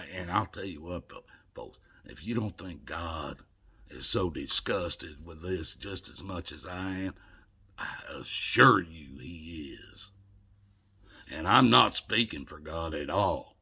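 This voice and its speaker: An older man delivering an emotional, scolding monologue to camera, swinging between loud outbursts and hushed murmurs. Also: low voice, animated, takes it slowly, gravelly, slightly rough. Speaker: video blogger.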